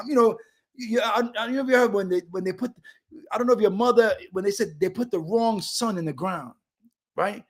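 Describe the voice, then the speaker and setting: A middle-aged man from Brooklyn gives an animated, streetwise recovery testimony over a video call. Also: sits high, a little fast. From Brooklyn, New York. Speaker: recovery speaker.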